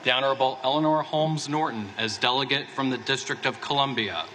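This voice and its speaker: A man serving as House clerk, reading procedural announcements in a measured, formal way, heard through a broadcast feed. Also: medium pitch, sharp tone, a little hiss or hum, rough recording. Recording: broadcast feed with faint room ambience.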